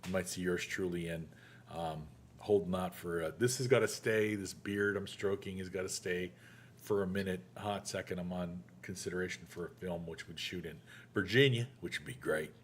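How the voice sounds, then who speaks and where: A middle-aged man hosting a casual show, chatty and quick to joke. His voice sits fairly low, and he laughs often between points. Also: a little hiss or hum. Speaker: show host. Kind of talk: casual chat.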